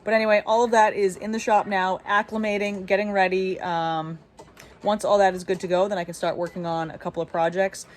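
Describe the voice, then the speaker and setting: A woman's voice: mid-range voice, little pitch movement, fairly quick. A young woman and woodworker, talking casually to her camera from her small shop, chatty and upbeat, often laughing at herself. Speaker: woodworker and small business owner. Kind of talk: casual vlog talk to camera.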